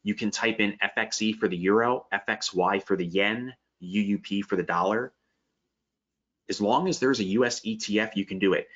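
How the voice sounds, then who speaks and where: A man's voice: fairly low pitch, moderate pace, a bit bright. A man with a slight Pennsylvania Dutch accent hosting a live webinar, chatting upbeat and answering viewer questions. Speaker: webinar host. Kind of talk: live webinar sales pitch and Q&A. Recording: dull lo-fi webinar audio.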